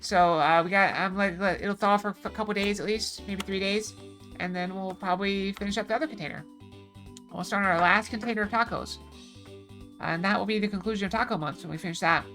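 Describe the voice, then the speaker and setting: A woman streamer breaks off from the game to chat casually, full of fillers and asides. Her voice sits at an ordinary middle pitch. Game music plays clearly behind her. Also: fairly even intonation, a little fast, fairly bright tone. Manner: chatty, filler-heavy asides. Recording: game music playing underneath.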